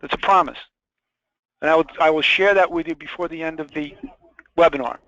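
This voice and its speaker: A man's voice: fairly high pitch, fairly quick, a bit bright, slight background noise. A man presenting a sales training webinar, stressing and repeating his key points and asking the audience rhetorical questions. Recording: dull lo-fi dry webinar audio.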